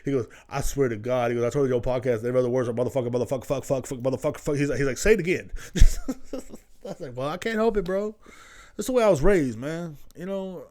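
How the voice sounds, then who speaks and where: A man's voice: medium pitch, rapid-fire, darkish tone. A young man hosting his own podcast alone, talking in a rambling, profane, casual monologue that jumps between stories. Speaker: podcast host.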